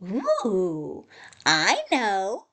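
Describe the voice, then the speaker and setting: A woman's voice: mid-range voice, huge pitch swings, extremely slow, a bit bright, exaggerated voice. A woman voicing a boastful, cheerful male hedgehog in a storybook read-aloud, sounding pleased with himself. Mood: smug.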